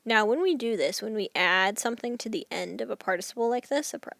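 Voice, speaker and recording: Woman teacher going through grammar step by step, bit of vocal fry, dry close sound. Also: on the high side, lively intonation, fast, fairly bright tone, no room sound. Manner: clear explanatory teaching with Spanish examples. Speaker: Spanish teacher. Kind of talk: recorded grammar lesson.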